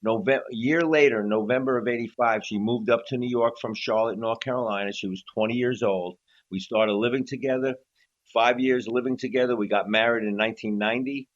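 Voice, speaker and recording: A man's voice: mid-range voice, a little fast. A man in his sixties, a drummer telling stories as an interview guest and acting out quotes as he goes. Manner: animated storyteller acting out quotes. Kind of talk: storytelling interview. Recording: slightly dull lo-fi audio.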